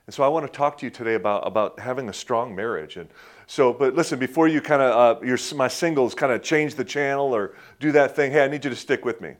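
This fast-talking pastor, a man in his fifties with a medium-pitched voice, preaches conversationally. He spins homespun personal stories, frequently starting over and laughing softly.

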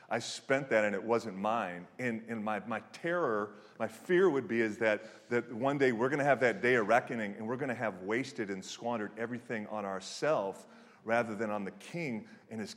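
Pastor in his forties, mid-pitched, preaching casually with stops and restarts, long hall reverb. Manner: conversational storytelling with frequent restarts and fillers. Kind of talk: sermon.

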